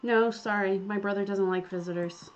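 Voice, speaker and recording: A woman's voice: medium pitch, steady tone, moderate pace, dull audio, a little hiss or hum, natural voice. A woman doing a cheeky Irish frontier girl. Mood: breezy, cheeky. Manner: breezy, blunt and cheeky. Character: plucky, blunt young Irish frontier woman.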